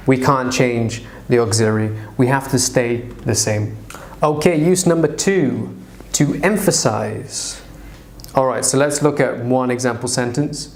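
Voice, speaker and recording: A man teaching English to learners in a clear, patient voice. He walks through example sentences step by step. His pitch sits in an ordinary middle range for a man. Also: a little slow, darkish tone. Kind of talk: online English lesson.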